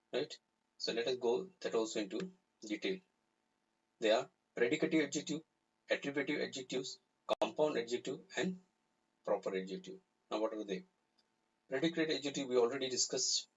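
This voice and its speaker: Husky-voiced man teaching grammar. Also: mid-range voice. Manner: explains slowly with repeated examples. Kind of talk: live online grammar lesson. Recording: slightly dull, lo-fi recording.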